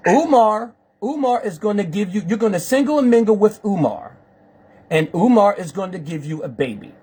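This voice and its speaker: A man's voice: sits high, animated, moderate pace, dark tone, breathy edge. A man hosting a live stream, pressing his guests with repetitive, preachy questions. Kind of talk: confrontational live call-in chat.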